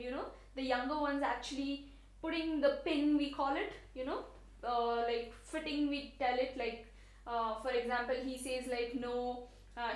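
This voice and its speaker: High-voiced chatty woman tutor, echoey room. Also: a bit bright. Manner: chatty, rambling with fillers and asides. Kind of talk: explaining idioms to exam students.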